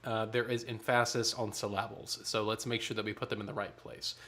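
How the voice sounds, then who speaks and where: A man leading a choir rehearsal online, coaching the singers in a friendly way, checking in often and clearing his throat now and then. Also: on the low side, level tone, a little fast, sharp tone. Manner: counts in and demonstrates rhythms aloud. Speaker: choir director.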